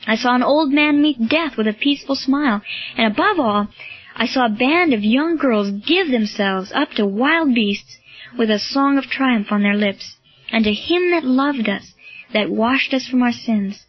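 A woman's voice: on the high side, unhurried, no room sound. A woman reading the part of an earnest young male Roman soldier, speaking in a pleading, searching way. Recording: dull lo-fi, dry.

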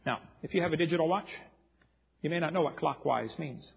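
A man's voice: on the high side, brisk, vocal fry, slightly rough, long reverb tail. A man giving a humorous lecture to a live audience, telling stories and throwing jokes and asides at the crowd. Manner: jokey storyteller with audience asides. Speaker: seminar speaker. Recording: dull lo-fi recording.

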